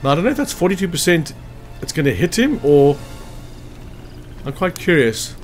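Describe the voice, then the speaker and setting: A man's voice: on the high side, big pitch swings, normal speed, soft background music. A man casually commentating a strategy game walkthrough, chatty and thinking aloud as he checks hit chances. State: hiccuping after lunch. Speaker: gameplay commentator.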